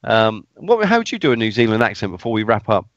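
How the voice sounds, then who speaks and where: A man's voice: lowish voice, very animated, fast talker, fairly bright tone, dry recording. A man co-hosting a casual football podcast, hesitant and repeating his words as he talks. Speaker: podcast co-host. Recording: dry, dull lo-fi sound.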